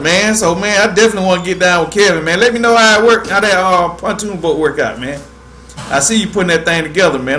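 In a high, fairly bright voice, a Georgia fishing show host drawls through a relaxed livestream. He keeps things easygoing and says "man" constantly.

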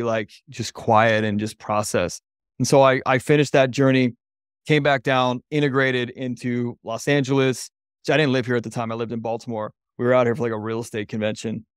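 A man's voice: mid-range voice, clear, resonant tone, no room sound. A man in the middle of his range tells a personal story as a podcast guest, candid and openly emotional. His talk wanders loosely, full of "like" fillers and restarts. The sound is dry and close, with no room around it. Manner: loose, rambling, with many "like" fillers. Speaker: podcast guest, men's coach.

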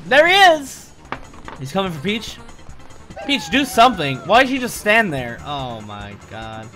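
A young man streaming a video game, reacting with excitable, profane commentary and talking back at the screen. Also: sits high, moderate pace. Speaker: gaming streamer. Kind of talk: casual live-stream gameplay commentary. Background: game music.

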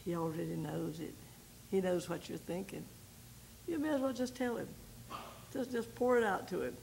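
An older woman, a missionary, giving a folksy personal testimony to a women's group, telling her story with pauses and repeated starts. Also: on the low side, vocal fry, a little mellow, a little hiss or hum, low-quality recording. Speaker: missionary speaker.

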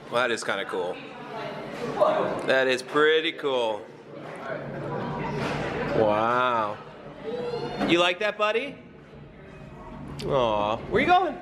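A man's voice: mid-range voice, big pitch swings, slow, pauses often, crowd noise. A man in his thirties, a father talking casually to his vlog camera with joking, self-mocking asides. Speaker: vlogger and father. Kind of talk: casual family vlog narration. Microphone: handheld camera mic.

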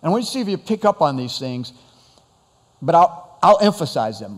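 A man's voice: fairly high pitch, animated, brisk. Preaching man in an echoing church hall. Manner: conversational preaching with rhetorical questions. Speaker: pastor. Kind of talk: sermon.

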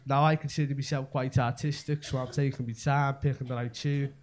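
A man's voice: mid-range voice, little pitch movement, a little fast. A young man with a Scouse accent doing a rambling live stand-up set full of local slang in a comedy club. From Merseyside, England. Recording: live club with crowd laughter. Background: audience laughter.

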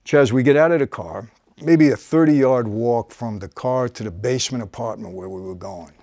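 A man, hosting and telling a personal story in casual conversation, often dropping to a low quiet voice at the tense moments. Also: normal speed, dry recording.

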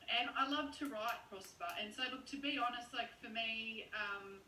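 A woman's voice: on the high side, moderate pace, bright, forceful tone, a little hiss or hum. A woman, a copywriter guest, talking expressively in a casual interview. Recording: echoey, distant from the mic.

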